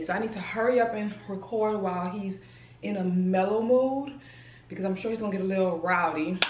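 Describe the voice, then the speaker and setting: A woman's voice: medium pitch, reverberant, a little hiss or hum. A young woman with a Southern US accent talking casually and animatedly to her viewers in a home vlog. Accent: Southern US, New Orleans area. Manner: animated, addresses viewers as y'all and child. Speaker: vlogger.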